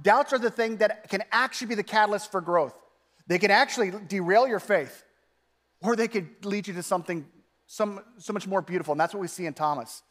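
A pastor delivers a casual, animated sermon, peppering it with "like." His voice sits high for a man. Long reverb from the church hall trails behind every phrase. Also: brisk. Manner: conversational, animated, frequent "like" fillers.

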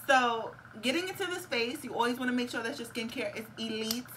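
Bright-voiced chatty woman doing makeup. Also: fairly high pitch, lively intonation, a little fast, slight background noise, low-quality recording. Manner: chatty, candid, swears and laughs often. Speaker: beauty vlogger. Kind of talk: casual makeup tutorial chat. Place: room at home with a fan on.

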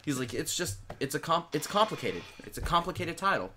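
A man's voice: a little high, fast, hardly any pauses. A man co-hosting a gaming video, chatting casually and telling stories with lots of swearing over game music. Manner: animated storyteller, swears a lot, loud sudden shrieks. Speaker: gaming co-host. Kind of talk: casual let's play chat.

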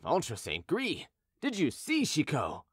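A king who shakes with fear yet charges ahead, crying out oaths and commands, as a man puts him on. His voice jumps up high when he shouts. The sound is dry and close, with no room around it. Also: wildly swooping pitch, takes it slowly, breathy edge, no echo, exaggerated voice. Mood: commanding. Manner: cries out commands, swears oaths. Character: king Henry of Navarre, brave but trembling.

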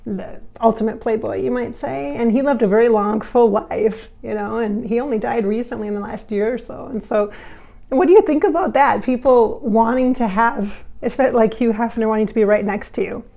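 A woman's voice: a little high, moderate pace, gravelly, warm tone. A woman hosting a spiritual vlog, talking in an effusive, giggly way with frequent laughs. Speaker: channeler and vlog host. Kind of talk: casual spiritual vlog talk.

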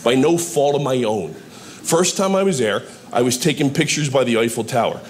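Man, stand-up comic, lively pitch, slightly high, faint noise behind. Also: normal speed. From Philadelphia. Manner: punchy, crowd-teasing delivery. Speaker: stand-up comedian. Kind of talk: stand-up comedy set.

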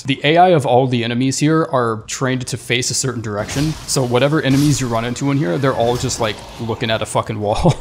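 Young guy cursing and joking thru a game run, mid-pitched, stumbles over words a lot, faint background hiss. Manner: profane, sarcastic, talks to enemies, frequent stammered restarts. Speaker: gaming YouTuber. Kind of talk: casual gameplay commentary.

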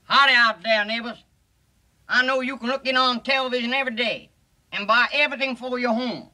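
Man doing a giggly TV host pitchman, bright voice, stumbling ad patter, 1950s comedy. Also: steady tone, a little fast, slight background noise, heavily acted, poor audio. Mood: giddy. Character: giggly male TV movie host selling cigarettes.

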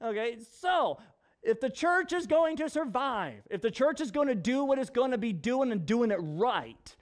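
High-voiced man preaching jokily. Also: normal speed. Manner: animated, jokey, conversational preaching. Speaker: pastor. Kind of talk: sermon in a casual vlog.

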